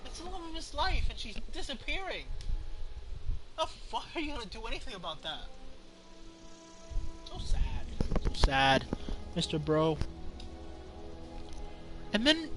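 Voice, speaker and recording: High-voiced man ranting about a movie. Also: moderate pace, long pauses, soft background music. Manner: profane, rambling, excited. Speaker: movie reviewer. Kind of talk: casual rant.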